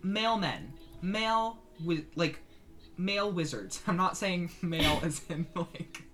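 A young woman with a Southern California accent, co-hosting a podcast in casual, animated chat, saying "like" a lot and sounding exasperated. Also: lowish voice, slow. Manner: animated, exasperated, heavy use of "like". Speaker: podcast co-host.

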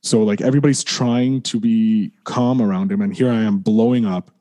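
A man as a podcast guest, candidly recounting a hard period in a rambling way, full of restarts, and quieter as things get heavy. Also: on the low side, fairly even intonation, normal speed. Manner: rambling, heavy use of "like", frequent restarts, swears and apologizes. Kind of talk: candid personal storytelling.

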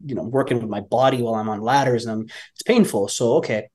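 A man from Vancouver telling a story as a guest on a podcast, animated and blunt, with frequent swearing and laughter. His voice sits at an ordinary middle pitch, and he speaks casually like a life coach sharing something personal. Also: fast talker, slightly rough. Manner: animated, profane, laughs often.

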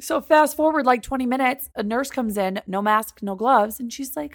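In a dry, close recording, a podcast co-host with heavy vocal fry tells stories in a casual chat, voicing both sides of each quoted exchange with animation. The young woman speaks in a fairly high pitch at a moderate pace, with few pauses.

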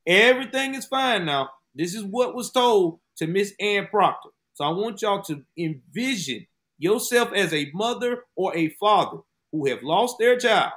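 A man with a fairly high voice hosts a true-crime interview show. He talks emphatically, turning to his listeners and pressing his points home in a casual, conversational way. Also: expressive, a little slow. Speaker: host.

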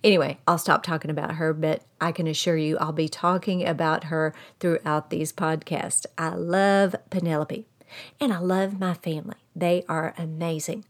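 A middle-aged woman with a Texan accent, a grandmother and podcast host, telling a folksy story straight to her listeners in an animated way. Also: sits low, moderate pace. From Texas. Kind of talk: storytelling monologue.

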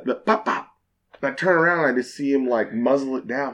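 Young bartender dude telling a sweary story on a podcast, regular mid voice, super animated. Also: male voice, medium pitch, fairly quick. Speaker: bartender guest. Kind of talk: casual podcast chat.

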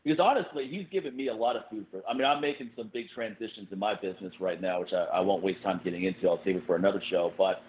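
A man talks quickly in a relaxed podcast chat. He is lively and leaps up in pitch when he acts out what other people say. The recording sounds dull and lo-fi. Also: a little hiss or hum. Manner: animated, jumps up in pitch when quoting people. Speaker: podcast host.

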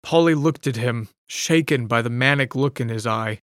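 A narrator reading a story aloud in a measured, reflective manner. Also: mid-range voice, no room sound, studio quality. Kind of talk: scripted audiobook narration.

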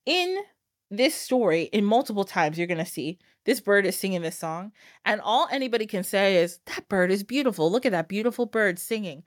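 A woman's voice: medium pitch, brisk, no room sound, studio quality. A woman hosting a podcast, casually retelling a fairytale with frequent laughs and acted-out quotes. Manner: animated, laughing, acts out quoted lines. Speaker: podcast host.

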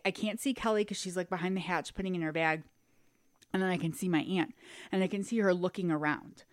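A woman co-hosting a podcast in casual chat, telling a story with lively energy and acting out quotes in high squeals. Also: brisk, no echo, clean studio sound. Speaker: podcast co-host.

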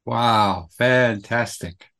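A man's voice: mid-range voice, extremely slow, pushed and bright. A man hosting an interview who affirms his guest and shares a story of his own. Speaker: host. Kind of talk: conversational interview.

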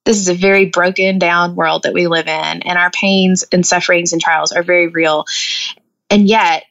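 A woman's voice: on the low side, steady tone, moderate pace, vocal fry, fairly bright tone, highs cut off. A woman author as a guest, explaining with earnest, thoughtful talk and light laughs. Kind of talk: faith-based podcast interview.

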